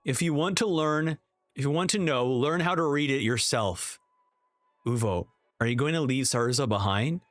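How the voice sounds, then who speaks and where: A man's voice: medium pitch, normal speed, a bit bright, no echo, soft background music. A young man reacting to an anime episode, reading the subtitles aloud and narrating each scene, often stopping to correct himself. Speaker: reaction streamer.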